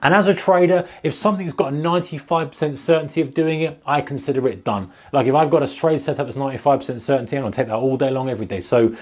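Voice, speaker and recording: A man's voice: medium pitch, fast, few pauses. A man with a British accent, a trading educator, talking viewers through a topic in a casual, emphatic, direct way. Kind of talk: casual explainer to camera.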